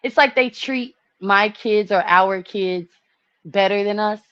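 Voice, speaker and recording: A woman, chatting casually with a friend, animated and laughing. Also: mid-range voice, takes it slowly, no room sound, muffled recording. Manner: animated, laughing, acts out relatives' voices. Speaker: host. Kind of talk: casual chat.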